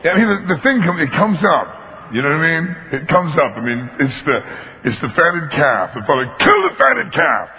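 A man's voice: on the high side, animated, moderate pace, a little hiss or hum. A man preaching a sermon, telling a story with emphatic animation and acting out the voices of its characters. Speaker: pastor. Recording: long hall reverb, dull lo-fi sound.

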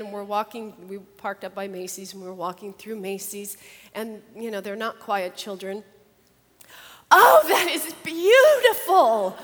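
An older woman, a grandmother, chatting about her grandchildren and then teaching a Bible lesson, animated and laughing as she tells stories. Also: medium pitch, long reverb tail. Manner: chatty, animated, acts out children's voices with laughter. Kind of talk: casual storytelling and Bible lesson.

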